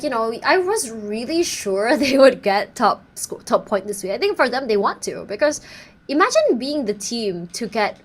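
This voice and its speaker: A woman casting a mobile esports match live, in a bubbly, playful way. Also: fairly high pitch. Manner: bubbly, playful, self-teasing. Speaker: esports caster. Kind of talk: live game commentary. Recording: faint background noise.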